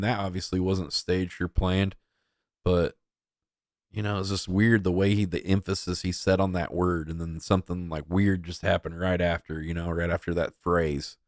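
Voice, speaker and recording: Low-voiced man rambling through commentary. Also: no echo, studio quality. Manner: rambling, heavy use of filler words. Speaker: podcast host. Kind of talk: casual commentary.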